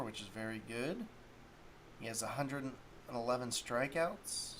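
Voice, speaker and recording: Speaking at medium pitch and a moderate pace, this host of a solo sports talk stream chats loosely, musing aloud as he checks statistics. A slight hiss or hum can be heard.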